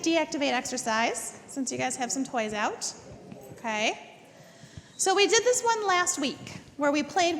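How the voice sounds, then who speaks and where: A woman's voice: high-pitched, a bit bright, big-room sound, a little hiss or hum. A woman teaching a dog training class. She gives step-by-step instructions, repeats words for emphasis and often checks in with "okay?". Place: indoor dog training facility.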